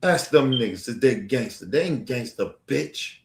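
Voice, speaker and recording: A man's voice: mid-range voice, lively intonation, moderate pace. A man delivering an angry, profane, threatening rant as a livestream host. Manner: profane, heated, threatening, repetitive. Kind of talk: angry ranting monologue. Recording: echoey room.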